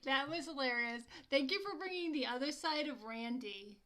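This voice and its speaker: A woman hosting a virtual comedy show, ribbing the comic in quick-fire banter over a video call. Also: sits high, sharp tone. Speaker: host.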